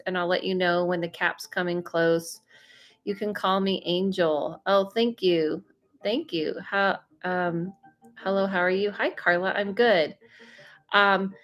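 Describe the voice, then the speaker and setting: A woman hosting a casual livestream as a psychic medium, chatting and reading viewer comments with lots of fillers and laughs, a little stuffy from allergies. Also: medium pitch. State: slightly congested from allergies. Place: home, Los Angeles. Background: faint music.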